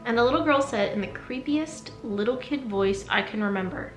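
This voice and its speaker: A woman's voice: on the high side, moderate pace. A young woman chatting in a bubbly, giggly way at home while doing her skincare and reading scary stories aloud. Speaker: skincare and scary-story vlogger. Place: home room. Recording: roomy echo with faint background music.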